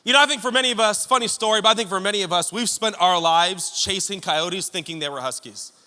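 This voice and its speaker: High, bright-voiced joking preacher man. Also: fast talker. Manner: joking, storytelling preacher addressing congregation. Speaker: pastor. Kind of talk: sermon. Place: church service hall with congregation. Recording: long hall reverb.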